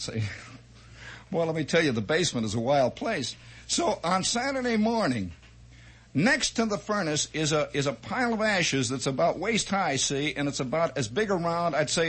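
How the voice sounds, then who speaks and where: A man telling a comic childhood story as a monologue, animated and chatty, with asides and mouth sound effects. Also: sits high, breathy edge. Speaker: radio storyteller.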